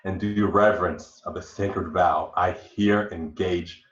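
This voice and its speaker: A man reading the part of a jealous, vengeful male general in an amateur Shakespeare reading, swinging between hushed brooding and raging outbursts. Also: deep voice, steady tone, slow, roomy sound, highs cut off. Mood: jealous rage.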